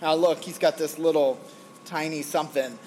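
A man in his forties preaching a sermon, conversational with folksy asides, loudly acting out screaming crowds in his story. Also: fairly high pitch, normal speed, a little hiss or hum. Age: 40s. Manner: animated, acts out the prophets' frantic screaming. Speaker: pastor.

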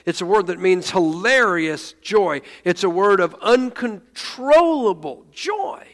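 Male pastor, high voice, animated storytelling sermon, long hall echo. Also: slow. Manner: animated, laughing storyteller with stumbling restarts.

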